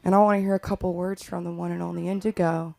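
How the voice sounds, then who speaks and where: A woman's voice: lowish voice, level tone, creaky, a little mellow. Teasing woman host of an open mic. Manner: teasing, quick. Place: small comedy club.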